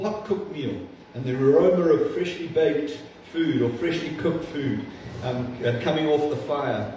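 A man's voice: on the high side, dark tone, slight background noise. A man preaching an earnest sermon, retelling scripture in a storytelling way with frequent restarts. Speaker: pastor. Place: church hall. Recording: echoey hall, distant mic, slightly dull.

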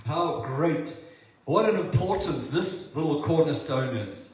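A man's voice: fairly high pitch, animated, unhurried, darkish tone. A man from South Africa preaching a sermon as pastor, earnest and repeating words for emphasis. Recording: very echoey room, voice from a distance.

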